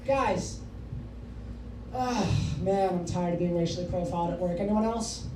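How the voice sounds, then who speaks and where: A man's voice: high-pitched, normal speed. Brash, foul-mouthed male stand-up comic. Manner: brash, profane, teasing the audience. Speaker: stand-up comedian. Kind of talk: stand-up comedy with crowd work. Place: comedy club with a live audience. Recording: echoey room, distant mic, noisy.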